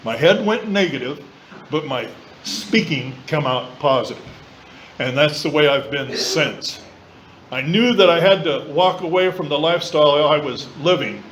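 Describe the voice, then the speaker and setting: A man's voice: on the high side, a bit bright, slight background noise, rough recording. Blunt, earthy man telling his story. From southern California. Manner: blunt, earthy and colloquial, with mild swearing; mimics voices of others in quoted lines. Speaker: AA meeting speaker. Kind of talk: personal recovery talk. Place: meeting room.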